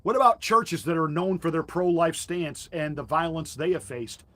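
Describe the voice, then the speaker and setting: A man's voice: a little high, normal speed, fairly bright tone. A male pastor delivering a combative, mocking political commentary monologue with emphatic jabs.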